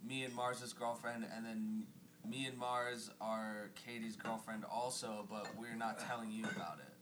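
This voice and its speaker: A man's voice: on the low side, steady tone, unhurried. A young man co-hosting a joking casual chat, teasing and laughing, often restarting his sentences. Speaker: co-host. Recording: noisy recording with clicks.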